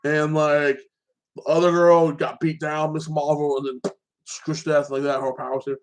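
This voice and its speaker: A man excitedly recapping a movie in a casual chat, rambling and filling his talk with fillers. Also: fairly high pitch, normal speed. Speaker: podcast host.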